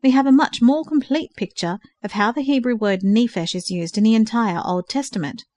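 A woman's voice: fairly high pitch, brisk, no room sound, close to an everyday voice. A woman reading the part of a patient older male mentor who carefully explains study books. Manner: careful explaining, gently instructive.

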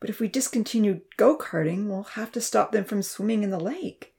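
A woman's voice: mid-range voice, fairly quick, lightly acted. Woman voicing a grieving old professor. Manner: sorrowful, soft and hushed. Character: grieving old male professor, gentle and regretful.

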